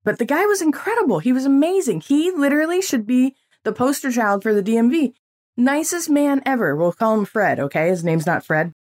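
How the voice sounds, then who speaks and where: A woman in her forties hosting a podcast, telling an everyday story in a lively way and acting out what people said. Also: on the high side, fairly quick. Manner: animated storytelling, acting out quotes. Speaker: podcast host.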